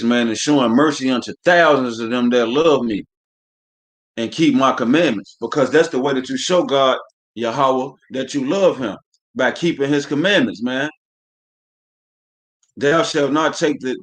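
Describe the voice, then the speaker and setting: Fiery, cussing preacher man. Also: mid-range voice. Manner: heated, profane, preachy, leans on "man" at phrase ends. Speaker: religious teacher. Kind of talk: fiery live-streamed scripture class.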